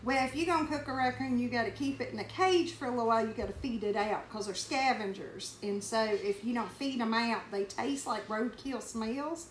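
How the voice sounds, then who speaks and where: Southern woman podcast host, high voice, animated storyteller, roomy echoey sound. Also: a little fast, few pauses. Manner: animated, laughs while telling stories. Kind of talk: casual storytelling chat. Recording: roomy echo with faint ambient noise.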